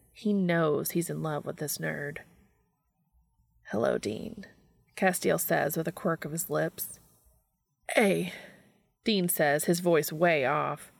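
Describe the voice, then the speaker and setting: A woman narrating a work of fiction aloud in a steady, unhurried reading voice. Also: on the low side, creaky, dry recording.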